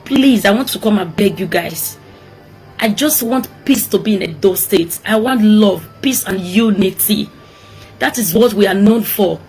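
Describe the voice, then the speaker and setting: A woman's voice: medium pitch, lively intonation, measured pace, faint music behind. A woman from Edo State with a Nigerian accent, making an emotional, pleading appeal for peace and repeating her words often.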